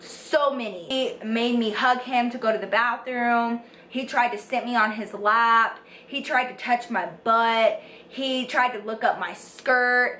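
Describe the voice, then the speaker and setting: A woman's voice: a little high, bright, forceful tone. A young woman in her twenties from the United States, telling a storytime to her viewers, swearing freely and saying "like" and "you guys" a lot. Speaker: beauty vlogger. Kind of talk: storytime monologue to camera. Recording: echoey room with faint background hiss.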